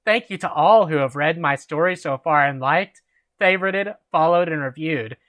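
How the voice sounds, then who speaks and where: A man's voice: a little high, moderate pace, fairly bright tone. A man hosting a reading of a fan story aloud, chatting and laughing with friends between passages. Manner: amused, laughing reader. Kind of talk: reading aloud and casual chat.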